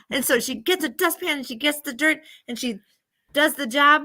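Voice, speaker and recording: A woman hosting a casual stream retells a childhood bedtime story in a loose, rambling way. Her voice is bright and a little high-pitched. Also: normal speed. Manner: chatty, rambling, laughing asides. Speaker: livestream host.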